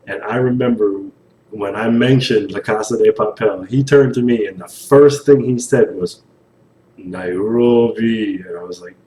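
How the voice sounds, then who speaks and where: A man's voice: lowish voice, darkish tone, slight background noise. A man chatting casually in a vlog about a TV show, loose, profane and rambling. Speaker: vlogger reacting to a TV show. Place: at home, late at night. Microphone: webcam microphone. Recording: echoey webcam mic from far off.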